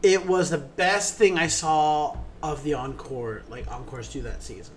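A man's voice: a little high, fairly even intonation, a little slow, a little hiss or hum. A man co-hosting a theater podcast, gushing enthusiastically about shows in casual chat, with many ums.

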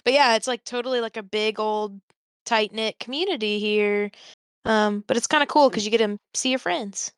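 A woman's voice: a little high, normal speed, clean tone, no room sound. A woman co-hosting a podcast, talking casually and joking playfully. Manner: playful, laughs and jokes. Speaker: podcast co-host.

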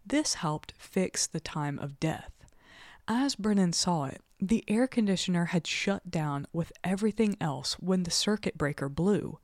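Woman co-host, low register, dry sound, frank casual talker who also reads aloud. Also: animated, unhurried, darkish tone, no echo. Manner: chatty, frank, swears casually. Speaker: podcast co-host. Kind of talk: casual chat and reading aloud.

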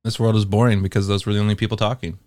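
A man's voice: lowish voice, flat delivery, very fast, a little mellow, dry recording, clean studio sound. A man giving casual, wry and profane commentary as he explores social game worlds.

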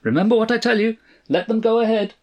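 A man's voice: fairly high pitch, lively intonation, muffled recording, pitched above the performer's own voice. A man voicing a clipped, exact male scientist who urges his friend over the phone. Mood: urging. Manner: clipped, brisk, persuasive.

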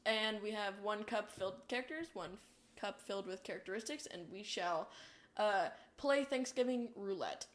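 A young adult woman co-hosting a casual podcast, swearing freely and often breaking into loud laughter. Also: medium pitch, normal speed. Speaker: podcast co-host.

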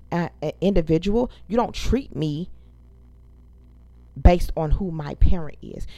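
A woman's voice: fairly low pitch, gravelly, warm tone, no echo. A woman, venting to viewers as host of her own casual talk show, emphatic and profane. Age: 30s. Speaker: podcast host. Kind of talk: casual storytelling rant.

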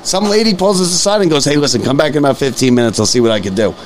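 A man hosting a casual sports podcast tells long stories at a racing pace in a mid-range voice, with a little hiss or hum in the recording. He's an animated storyteller who repeats words and acts out the voices of the people in his tales.

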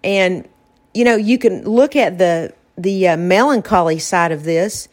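A woman's voice: lowish voice, unhurried, darkish tone. A woman hosting a podcast, talking in a reflective, casual way about faith and getting through hard times. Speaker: podcast host.

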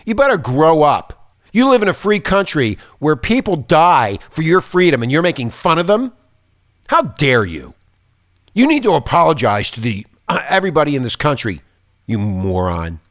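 A man's voice: on the high side, sing-song, moderate pace, fairly bright tone, no echo. Fired up guy ranting on talk radio, cussing a lot, dry close mic. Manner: angry, profane, insulting.

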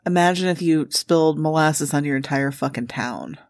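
A woman in her thirties co-hosting a podcast, talking in a loose, candid way and swearing freely. Her voice sits a little low for a woman. The sound is dry and close, with no room echo. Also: normal speed. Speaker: podcast co-host. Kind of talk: casual chat.

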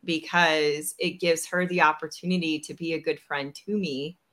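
A woman telling a personal story in a casual podcast chat, animated and acting out the lines of the people in it. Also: sits low, moderate pace. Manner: animated, acts out quoted dialogue. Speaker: podcast host.

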